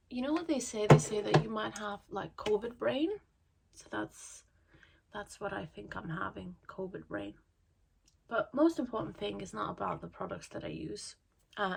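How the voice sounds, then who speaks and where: A woman vlogging casually at her dressing table, out of breath and coughing from illness, talking in a halting way with many pauses and fillers. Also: medium pitch, animated, gravelly, slight background noise. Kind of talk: casual vlog chat.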